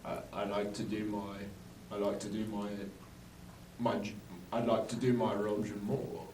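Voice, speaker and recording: A man's voice: fairly low pitch, completely flat delivery, unhurried, a little mellow, a little hiss or hum, voice pushed down, lightly acted. A man putting on a mocking voice of a dopey, sulky grown man who stammers and repeats himself. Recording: echoey room, distant mic.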